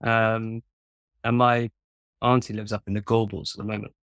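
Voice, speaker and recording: Young man, posh English accent, deep gravelly tone, friendly chatty storyteller. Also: little pitch movement, moderate pace, fairly bright tone, no echo, clean studio sound. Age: young adult. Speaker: songwriter interviewing a guest. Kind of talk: casual chat.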